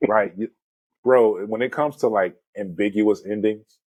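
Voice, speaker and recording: Low-voiced man telling a movie story. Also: a little slow, husky, no room sound. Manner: animated storyteller, peppers talk with "man" and "you know". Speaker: movie podcast host. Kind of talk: casual movie discussion.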